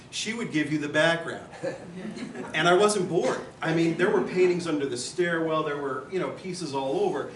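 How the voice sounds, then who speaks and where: A man's voice: a little high, normal speed, far from the mic. A man speaks at a memorial gathering, rambling and emotional as he tells stories about a late friend. He stands well back from the mic, and his voice rings in a roomy hall with a faint hiss behind it. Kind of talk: personal memorial speech.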